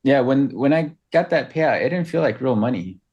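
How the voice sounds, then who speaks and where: A man's voice: medium pitch, animated, moderate pace, a little mellow, breathy edge, muffled recording. A man on a live stream, casually chatting and asking curious follow-up questions.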